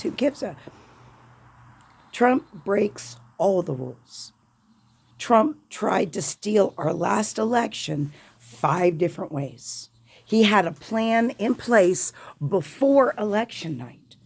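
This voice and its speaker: Gravelly, husky woman ranting urgently. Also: lowish voice, darkish tone. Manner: profane, urgent, emphatic. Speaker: podcast host. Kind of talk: impassioned political rant.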